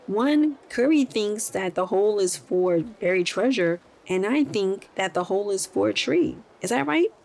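A woman's voice: mid-range voice, animated, normal speed, vocal fry, hardly any pauses, a little mellow. A woman voicing a curious, eager young boy in a children's story, enthusiastic and full of questions.

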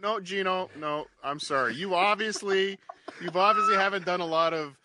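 A man hosting a comedy stream, cutting in with teasing, deadpan banter. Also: sits high, normal speed, heavy background noise.

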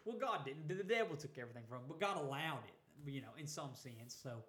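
Higher-voiced guy, animated explainer, echoey room, casual. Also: fairly quick, a little hiss or hum. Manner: animated, preacher-like explaining with "you know" asides. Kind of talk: casual chat about the Bible.

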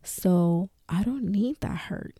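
A woman talks openly on her podcast, swearing freely and laughing between phrases. Her voice is gravelly and dark. The sound is dry and close. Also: medium pitch, takes it slowly, no room sound. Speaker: podcast host. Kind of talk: casual personal talk.

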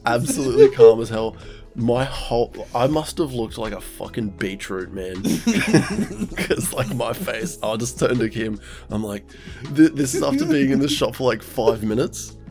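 A man in his thirties tells a story on his podcast at a lively clip, swearing freely and laughing as he goes. His voice sits in an ordinary middle range. A faint bed of music runs underneath. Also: mid-range voice, unhurried. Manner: animated storyteller, swears a lot, laughs often. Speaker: podcast co-host. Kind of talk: casual chat.

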